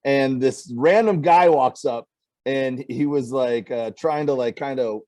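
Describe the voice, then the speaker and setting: Speaking a little slowly in a mid-range voice, a comedian guest shares casual stories in conversation. He brings them to life animatedly, performing the voices of the people he quotes.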